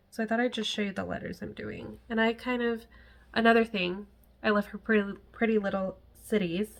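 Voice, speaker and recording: A woman's voice: mid-range voice, fairly bright tone. A woman chatting casually to camera at home as a cross-stitch vlogger, rambling with frequent laughs and asides.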